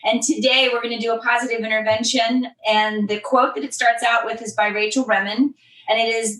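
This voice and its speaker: A woman co-host reads a recovery passage aloud, measured and earnest, in a fairly high voice. She is set back from the mic, and a roomy echo hangs on her words. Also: level tone, fairly bright tone. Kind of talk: reading a daily recovery passage. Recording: echoey, distant mic.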